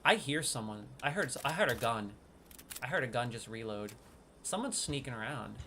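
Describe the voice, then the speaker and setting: A man streaming a game and talking his viewers through it, his voice lively and bouncing in pitch. His tone is bright, and he drops to a hush while sneaking, then bursts out loudly when things go wrong. A faint noise sits under the recording. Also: moderate pace. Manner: excitable, swings from hushed sneaking to loud outbursts. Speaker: gaming streamer. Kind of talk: casual gameplay commentary.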